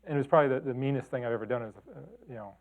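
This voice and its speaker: He talks very fast in a medium-pitched voice: a middle-aged photographer from Chicago and Detroit giving a talk. He rambles casually about his pictures, full of fillers and restarts. The sound is tinny, almost like a phone line.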